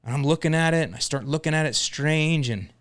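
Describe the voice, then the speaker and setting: A man's voice: on the high side, a little fast. A middle-aged man hosting a lawn care podcast, telling a story in a casual, joking way.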